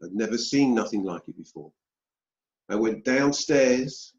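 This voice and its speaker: A British man telling a personal story as an interview guest, slow and deliberate with pauses. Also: lowish voice, animated, a little mellow. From United Kingdom. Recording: dull roomy sound.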